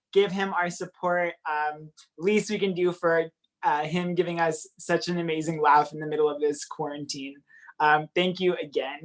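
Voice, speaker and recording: A woman hosting an online comedy night, upbeat and laughing as she reads out viewer comments. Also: on the low side. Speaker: show host.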